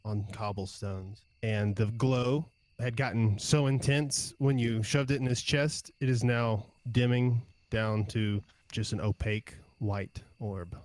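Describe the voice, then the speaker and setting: A man's voice: fairly low pitch, fairly even intonation, a little slow, a little mellow, no room sound. A casual male game master. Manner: descriptive, casual, with restarts. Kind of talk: narrating a tabletop game.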